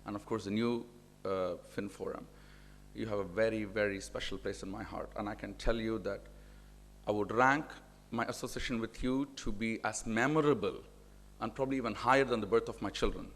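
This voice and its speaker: A man, a finance professor giving an emotional thank-you speech, halting and repeating words. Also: fairly low pitch, fairly even intonation, a bit bright. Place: large auditorium hall. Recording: reverberant hall.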